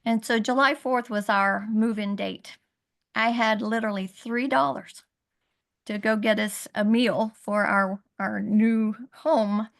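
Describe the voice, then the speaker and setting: A middle-aged woman on a video call, earnestly telling a hard personal story, halting and rising in pitch when upset. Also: fairly even intonation, gravelly. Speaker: guest sharing her story. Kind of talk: emotional personal testimony.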